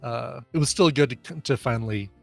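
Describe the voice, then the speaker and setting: Male co-host, playful casual chat, mid pitch, dry. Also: normal speed, vocal fry, no echo, faint music behind. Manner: playful, jokey, with silly bits. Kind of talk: casual live-stream chat.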